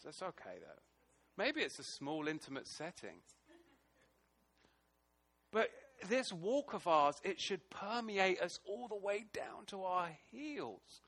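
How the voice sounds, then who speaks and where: Passionate high-voiced man preaching. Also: very animated, measured pace. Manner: passionate, emphatic, swings between loud declaiming and hushed emotional asides. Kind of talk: sermon. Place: small congregation room.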